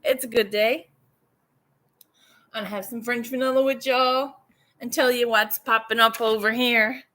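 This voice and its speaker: A woman's voice: a little high, fairly even intonation, moderate pace, pushed and bright. A woman chatting casually with viewers on a home livestream, greeting them and drifting from topic to topic. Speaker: livestream vlogger. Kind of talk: casual live chat.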